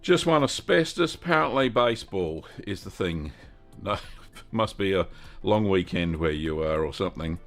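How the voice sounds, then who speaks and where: A man's voice: sits low, expressive, moderate pace, a bit bright, faint music behind. A middle-aged Australian man hosting a live cheese-making question stream, chatting casually, greeting viewers by name and thinking aloud with lots of ums.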